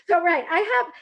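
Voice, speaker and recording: A woman with a brassy Brooklyn accent hosting a bookstore author conversation, animated and self-deprecating, laughing often. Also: very high voice, gravelly, muffled recording. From Brooklyn, New York. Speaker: host and editor.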